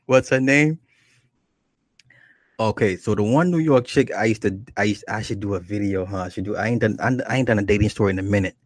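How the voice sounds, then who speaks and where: A man tells a crude comic dating story in loose street talk. His voice is low and husky, and he keeps breaking into laughing asides. The sound is dry and close. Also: fast talker, few pauses, a little mellow, dry recording. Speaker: comedic storyteller.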